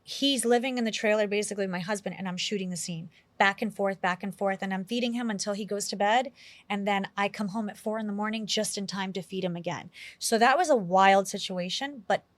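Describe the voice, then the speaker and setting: Chatty, animated woman telling stories. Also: mid-range voice, a little fast, no room sound. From New York City. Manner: animated, chatty, full of "like" and acted-out quotes. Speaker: actress guest. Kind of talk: casual interview storytelling.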